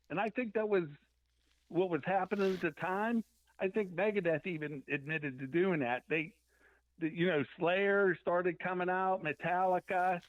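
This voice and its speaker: In a relaxed interview, a man who plays in a band recounts stories loosely and acts out people's lines from memory. His voice is high-pitched, the sound dry, and it comes over a tinny phone connection.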